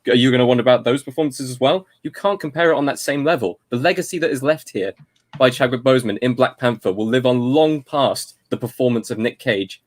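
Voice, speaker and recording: A man at a middle pitch argues his side of a podcast debate. His talk is earnest and loose, circling back and restarting as he builds his point. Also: brisk.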